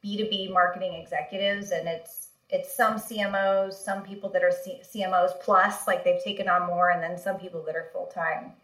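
A woman marketing executive recounts her career as an interview guest, her voice bright and forward. She tells her stories animatedly, with many fillers and frequent laughter. The sound has a roomy echo. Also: lowish voice, steady tone, moderate pace, hardly any pauses. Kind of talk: casual interview storytelling.

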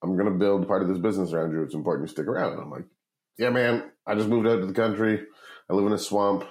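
A man with a fairly low voice tells a long, rambling story in a casual interview, full of swearing. He acts out the people he quotes with lively jumps in his delivery. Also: fast, low-quality recording. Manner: profane, rambling, animated quoting of others. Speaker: guest, startup founder.

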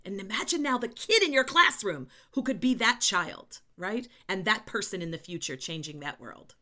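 A woman guest on a podcast interview, a language educator telling a story in an animated, emphatic way. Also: mid-range voice, normal speed. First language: English.

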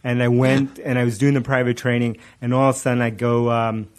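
A middle-aged man telling a story in casual chat, animated and laughing often, with many fillers and restarts. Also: mid-range voice, a little fast.

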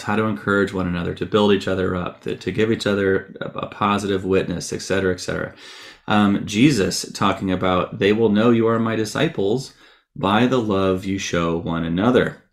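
A man's voice: low-pitched, vocal fry. A man giving an earnest, reflective talk on faith to an audience, thinking aloud with frequent fillers and restarts. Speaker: Catholic speaker on evangelization.

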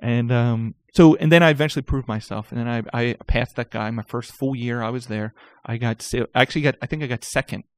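A man telling stories about his sales career in a casual, animated way, often stammering and restarting his sentences. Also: medium pitch, a little fast, few pauses, no room sound. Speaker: guest recounting sales career. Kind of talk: casual storytelling.

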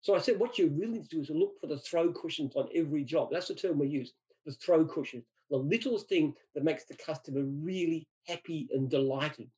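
A middle-aged Australian franchise founder answers interview questions with anecdotes, in a slightly high, mellow voice at a slightly fast pace. He's emphatic and repeats words when restarting sentences. The recording quality is low.

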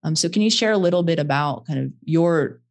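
A woman hosting a podcast, asking long, measured, thoughtful questions. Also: low voice, lively intonation. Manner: measured, thoughtful, searching phrasing. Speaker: podcast host. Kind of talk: interview conversation.

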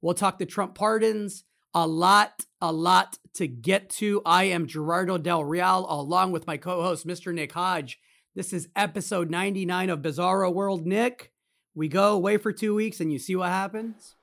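A man in his early forties hosting a podcast, talking in a casual but emphatic, deliberate way. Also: high voice, fairly even intonation, vocal fry, a bit bright. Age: 40s. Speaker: podcast host.

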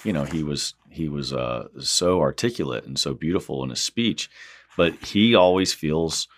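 A man's voice: a bass voice, animated, normal speed. A man hosting a conversational interview, reflective and rambling as he talks. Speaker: host.

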